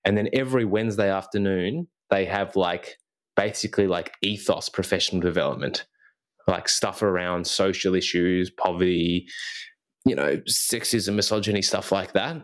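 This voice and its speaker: Man, young adult, very low voice, casual chat, rambling, self-correcting. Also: normal speed. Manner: acts out remembered dialogue. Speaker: podcast co-host recounting a school visit.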